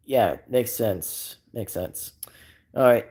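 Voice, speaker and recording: A man's voice: medium pitch, very animated, takes it slowly, a little mellow. A man hosting a casual live stream, reading chat aloud and rambling with many repeats and fillers.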